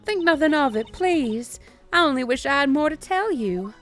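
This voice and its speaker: Woman reading a refined, eager Southern belle hostess; very high voice, game dub read. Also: slow pace, fairly bright tone, faint music behind, full character voice. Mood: shaken. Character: polite young woman, gushing hostess.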